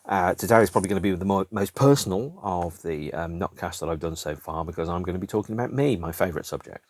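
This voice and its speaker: Man in his fifties from Birmingham, very low voice, dry close sound, wry rambling podcast host. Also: lively intonation, fast talker, a little mellow, no room sound. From Birmingham, England. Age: 50s. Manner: wry, self-mocking, rambling with asides. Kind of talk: casual solo podcast monologue.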